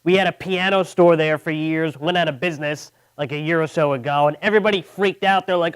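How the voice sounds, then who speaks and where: Young new guy doing standup, kinda high voice, smooth, deadpan jokes. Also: fairly quick, hardly any pauses. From Long Island, New York. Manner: deadpan, mocking voices of others. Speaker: stand-up comedian. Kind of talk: stand-up comedy set. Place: comedy club.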